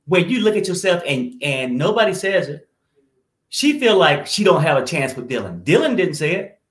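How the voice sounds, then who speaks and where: A man's voice: fairly high pitch, big pitch swings, moderate pace, a bit bright, echoey room. A man co-hosting a casual chat, giving his opinions at length and talking over the others. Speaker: co-host.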